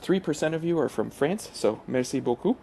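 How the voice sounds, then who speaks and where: A man hosting a gaming channel, talking through gameplay in a casual, hesitant way with many pauses and restarts. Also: on the high side, lively intonation, creaky, warm tone, a little hiss or hum. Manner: hesitant, full of uh fillers and restarts.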